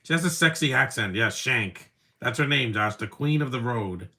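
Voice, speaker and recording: Bright-voiced man rambling over a movie. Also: mid-range voice, animated, moderate pace. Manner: rambling, opinionated asides. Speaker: movie commentator. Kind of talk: casual live movie commentary.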